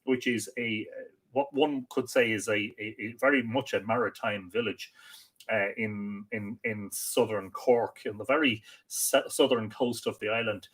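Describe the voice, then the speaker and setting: An Irish man hosting a live mythology stream, chatting casually and greeting viewers by reading out their comments, often pausing and repeating words. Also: fairly low pitch, fairly even intonation, fairly bright tone, slightly rough. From Ireland. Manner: chatty and friendly, with many hesitant repeats. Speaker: host of a live mythology show.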